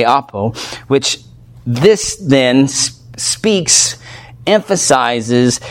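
Earnest preaching man, rising with fervor. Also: mid-range voice. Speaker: pastor. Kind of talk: expository sermon.

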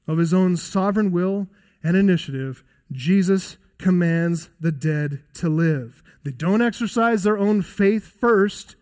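A man preaching an expository sermon as pastor, reading scripture and stressing key phrases slowly and emphatically. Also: high voice, darkish tone.

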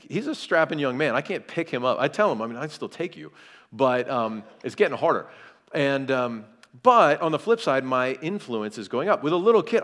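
Conversational pastor, middle-pitched man. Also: a bit bright. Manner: conversational, frequent restarts and filler words. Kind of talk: church parenting class talk.

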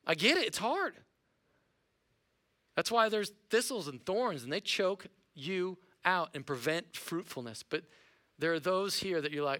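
A middle-aged male pastor preaching a sermon in a playful, animated way, acting out voices of his listeners. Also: high voice, unhurried. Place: church auditorium.

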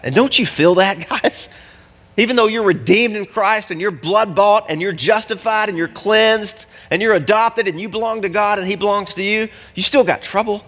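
A pastor preaching in a church hall, his voice ringing with a long reverb. He talks in a casual, animated way and drops slangy asides to the congregation. His voice sits a little high for a man. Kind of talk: sermon.

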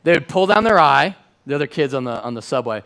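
A middle-aged pastor preaches a sermon in a church in a mid-range voice at a quick pace. His delivery is lively and conversational, shifting between loud and hushed passages.

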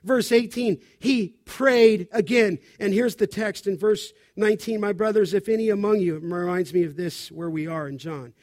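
High-voiced man preaching with urgent force. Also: fairly even intonation, moderate pace, few pauses, dry recording, studio quality. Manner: urgent exhortation, shifting between loud and quiet. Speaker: pastor. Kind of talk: sermon.

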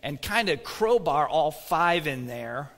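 A man's voice: a little high, expressive, slow, fairly bright tone, big-room sound. A man preaching a sermon as pastor, in a conversational manner, asking the congregation questions. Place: church sanctuary.

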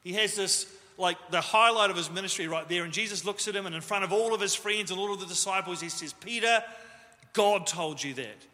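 Male pastor, casual jokey sermon delivery, high and bright, echoing church hall. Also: fairly even intonation, quick pace, few pauses. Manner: jokey, self-deprecating, conversational. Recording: echoey hall reverb.

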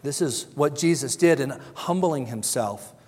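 A man's voice: mid-range voice, animated, measured pace, a little mellow, husky. Man, pastor preaching a sermon, earnest, conversational, repeats words, long hall reverb.

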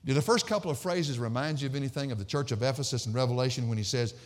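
A man preaching a sermon as pastor, swinging between loud emphatic declamation and low, conversational asides. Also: rapid-fire, big-room sound.

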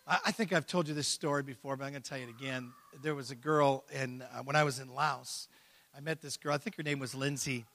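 A male pastor preaching a sermon, telling a story in an animated way and acting out the dialogue. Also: sits high. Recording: echoey hall.

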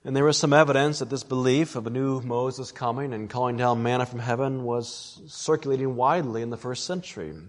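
A man's voice: mid-range voice, in a large hall. A man preaching an expository sermon, earnest and emphatic, often addressing his listeners as friends.

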